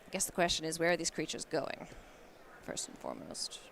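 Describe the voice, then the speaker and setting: A woman doing live card game commentary at a tournament, playful and quick to laugh. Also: vocal fry, background noise. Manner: playful, laughs often, animated swings in pitch. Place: convention hall.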